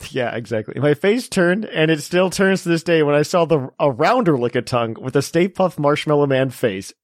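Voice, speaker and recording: A man's voice: on the high side, lively intonation, normal speed, no room sound. A man co-hosting a podcast in casual chat, reading listener emails with dry humor. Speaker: podcast co-host.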